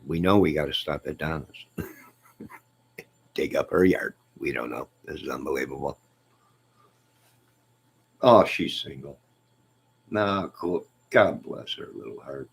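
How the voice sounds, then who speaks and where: A man's voice: a bass voice, measured pace, creaky, long pauses, slightly rough. A man hosting a casual live stream, reading viewer comments and joking with them in a teasing, chuckling way.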